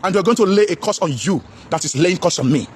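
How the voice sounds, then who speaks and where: Loud, fast Nigerian man preaching. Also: high voice, lively intonation, background noise. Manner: preachy, loud, repetitive, talks straight to viewers as brother; mixes English with Pidgin. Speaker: commentator. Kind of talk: impassioned vlog commentary.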